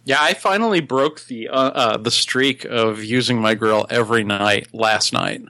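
Bright-voiced easygoing podcast host. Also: male voice, mid-range voice, normal speed, dry recording. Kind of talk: casual podcast chat.

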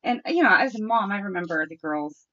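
A woman's voice: medium pitch, lively intonation, a little fast, fairly bright tone. A middle-aged woman co-hosting a podcast, chatting casually and telling stories about her kids. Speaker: podcast co-host. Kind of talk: casual chat. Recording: dull lo-fi podcast audio.

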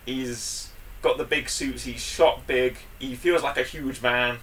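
A podcast co-host chats casually, rambling and enthusiastic, breaking into loud bursts when something excites him. His mid-range voice has a bright edge and a slow pace. He sits somewhat back, far from the mic.

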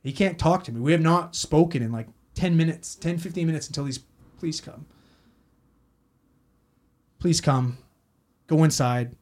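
Swearing paramedic telling a story. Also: male voice, on the high side, moderate pace, pauses often. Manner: heavy swearing, rambling with fillers. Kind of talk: casual storytelling.

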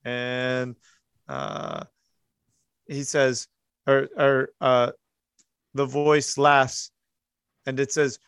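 A man's voice: medium pitch, extremely slow, gravelly, pauses often, a bit bright, smooth, no room sound, clean studio sound. A man narrating a tabletop horror game as game master, hesitant, with many fillers and restarts.

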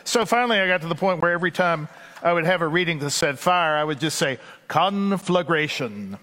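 Folksy Texan pastor, male, fairly high voice, preaching in a big echoing church. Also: pushed and bright. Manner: conversational, folksy, with asides and quick bursts. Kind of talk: sermon. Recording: long hall reverb.

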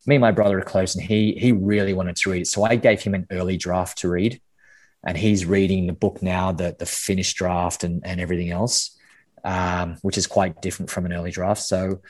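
An Australian man with a deep, slightly mellow voice talks candidly as a podcast guest in an interview conversation. He often restarts and repeats words, and swears casually.

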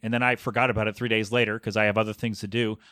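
A man's voice: fairly low pitch, flat delivery, rapid-fire, bright, forceful tone, clear, resonant tone, dry recording, clean studio sound. Sarcastic thirty-something man ranting on a podcast. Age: 30s. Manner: sarcastic, rambling, mock-professional. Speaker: podcast host. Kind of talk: casual solo podcast rant. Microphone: podcast microphone.

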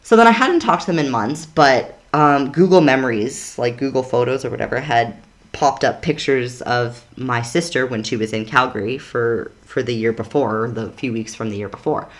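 A woman's voice: a bass voice, normal speed. A young adult woman, a podcast guest, telling a personal story in a frank, emphatic way that is full of "like". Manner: emphatic, frank, swears, peppers talk with "like".

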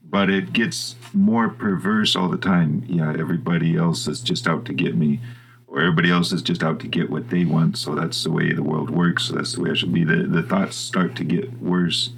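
Deep gravelly man chatting. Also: fairly even intonation, normal speed, slight background noise, poor audio. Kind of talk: casual chat.

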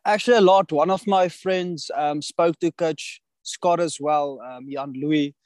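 A man answers questions on a podcast, his voice sitting a little high. He talks haltingly, stopping and restarting his sentences. The sound is dry and close, with no room echo. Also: darkish tone. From South Africa. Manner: hesitant, many ums and restarts, laughs easily. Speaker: rugby player guest. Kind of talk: casual podcast interview.

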